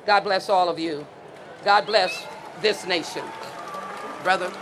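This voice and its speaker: A man, a lawmaker, giving a measured, solemn speech at a memorial and closing in prayer. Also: high-pitched, a crowd in the background, background noise.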